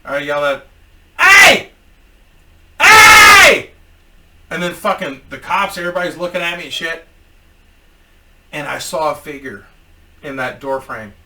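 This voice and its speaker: A man's voice: a little high, moderate pace, long pauses, recorded from a distance, noisy background. A man telling a story in a casual, profane, rambling vlog as a YouTuber.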